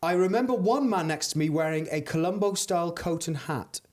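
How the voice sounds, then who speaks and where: A man's voice: on the high side, animated, a little fast, darkish tone. A young adult man hosting a comedic podcast, reading strange news stories with mock-dramatic delivery. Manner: dramatic storytelling reads, playful banter. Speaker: podcast host.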